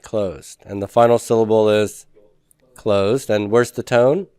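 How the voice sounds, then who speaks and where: A male teacher walks through a review lesson in a smooth, resonant voice. He poses questions and then answers them himself, step by step. The sound is dry and close, with no room around it. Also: lowish voice, fairly even intonation, measured pace, warm tone, no room sound. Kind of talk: recorded class review lesson.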